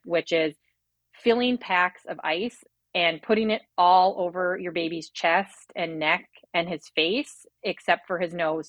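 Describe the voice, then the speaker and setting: A woman's voice: on the low side, fairly bright tone, no echo. A woman in her thirties telling her birth story in a rambling, heartfelt way, full of fillers and quoted thoughts. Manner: quick, rambling, many fillers and acted-out inner quotes. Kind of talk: emotional personal storytelling.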